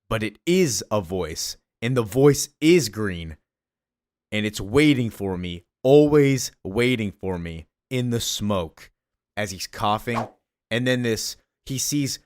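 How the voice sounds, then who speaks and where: A man recapping a comic issue in an excited, gushing way, briefly reading the characters' lines in slightly changed voices. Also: on the low side, dry recording, clean studio sound. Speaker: comic book reviewer.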